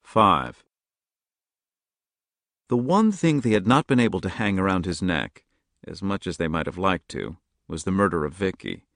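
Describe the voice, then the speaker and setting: A man narrating a novel in a steady, measured audiobook reading, close to the mic. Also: sits low, dry recording. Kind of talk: scripted narration.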